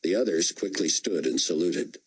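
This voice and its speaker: Brief: low-voiced male narrator, husky texture, lively inflection. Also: moderate pace, low-quality recording. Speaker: audiobook narrator. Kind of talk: scripted narration.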